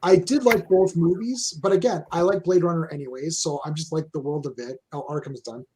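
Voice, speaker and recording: A man hosting a casual pop-culture podcast, rambling through stories, clearing his throat often and laughing at his own anecdotes, over a home video call. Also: a little high, brisk, warm tone, slight background noise. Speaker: podcast host. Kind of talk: casual chat.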